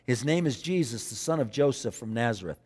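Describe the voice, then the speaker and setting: A man's voice: medium pitch, animated, a little fast, a little mellow, breathy edge. A man preaching a sermon, acting out scripture dialogue with dramatic repetition. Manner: dramatic, acts out scripture dialogue, repeats phrases. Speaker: pastor. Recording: long hall reverb.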